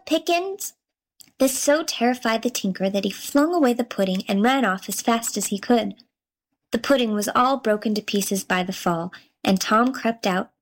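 A woman narrating a fairy tale in a measured, gently expressive storybook reading. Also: medium pitch, rough recording.

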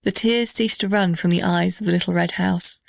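A woman narrating a children's story in a gentle, even reading voice. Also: fairly low pitch, normal speed, gravelly, dry recording, clean studio sound. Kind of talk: scripted narration.

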